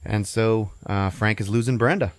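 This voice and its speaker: A man's voice: fairly low pitch, steady tone, moderate pace, dry recording. A man casually recapping a movie on a podcast, rambling with many fillers and heavy swearing. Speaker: podcast co-host.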